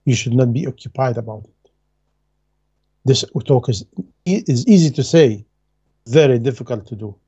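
A man's voice: mid-range voice, expressive, moderate pace, pauses often, mellow, breathy edge, muffled recording. A man giving a religious lecture in non-native English, earnest and emphatic, repeating his key phrases. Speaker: Islamic lecturer.

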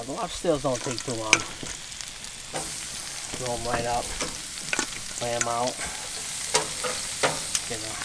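A man's voice: mid-range voice, very noisy. A man with a Massachusetts accent cooking at an outdoor grill, cracking dad jokes as he goes. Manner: joking, self-mocking dad jokes. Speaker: cook. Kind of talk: casual cooking chat.

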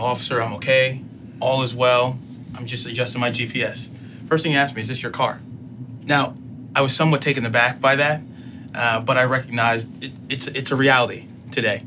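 A man telling a personal story in casual talk, acting out both sides of the dialogue with lively emotion. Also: medium pitch, noisy background. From United States. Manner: animated retelling, acts out both sides of dialogue. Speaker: podcast guest.

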